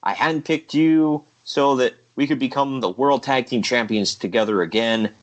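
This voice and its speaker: A man's voice: mid-range voice, normal speed, close to an everyday voice. A man reading the lines of a blunt, frustrated tag team wrestler in a complaining way, close to his own voice.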